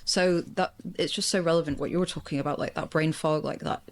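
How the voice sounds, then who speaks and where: A woman's voice: sits low, steady tone, a little fast. A woman guest on a podcast, chatting casually, laughing often, with many fillers. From England. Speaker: podcast guest, marketing agency founder. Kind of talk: casual conversational interview.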